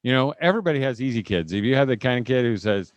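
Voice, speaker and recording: A man's voice: medium pitch, expressive, very fast, dry recording. Folksy middle-aged man telling family stories. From Indiana, USA. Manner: folksy anecdotal storytelling, chuckles often, acts out family moments. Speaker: conference speaker. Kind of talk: humorous parenting talk to a live audience.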